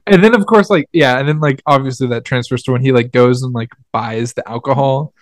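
A man's voice: medium pitch, a little fast, no echo. A young man co-hosting a podcast, rambling through a casual film review. He keeps dropping filler words. The mic sounds close and dry. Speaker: podcast co-host.

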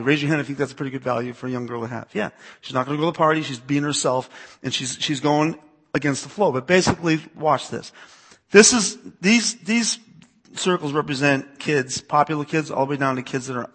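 A man's voice: medium pitch, fairly bright tone. A youth pastor in his forties who grew up on the US East Coast, giving a talk to a church audience in a conversational manner, repeating words and asking listeners to raise their hands.

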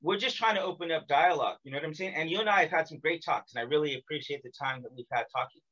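Bright, teasing American man hosting. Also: fairly high pitch, racing, dull audio. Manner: joking, teasing, energetic. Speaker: podcast host. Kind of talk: casual interview chat.

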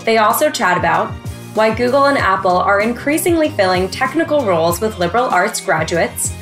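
A woman reading a scripted episode intro for a podcast in a smooth, even promo style. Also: medium pitch. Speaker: podcast announcer.

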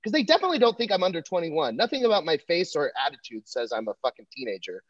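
A young man chatting with a fellow comic, his voice pitched a little high. He tells crude stories with sudden mock-voiced asides. The recording sounds dry and slightly muffled. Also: fast, no echo. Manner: profane, animated storytelling with mock quotes. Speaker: comedian podcast co-host. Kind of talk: casual chat.

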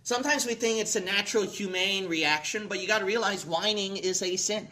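A man preaching a sermon with passion, repeating phrases and asking rhetorical questions, swinging from hushed lines to sudden shouts. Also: high-pitched, brisk.

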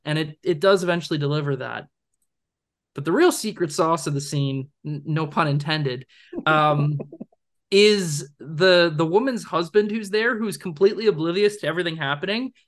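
Podcast co-host, young man, fairly high voice, eager and rambling. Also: a bit bright. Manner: enthusiastic, rambling with fillers and laughs. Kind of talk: casual film discussion.

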